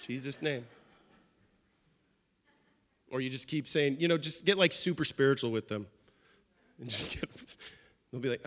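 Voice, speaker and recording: A man preaching a sermon as pastor, conversational and animated with playful asides. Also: mid-range voice, measured pace, long pauses. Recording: long reverb of a large hall.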